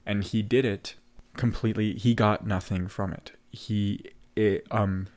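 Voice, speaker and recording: A man co-hosting a casual podcast talk about a play, retelling scenes with halting restarts. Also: fairly low pitch, steady tone, darkish tone. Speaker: podcast co-host.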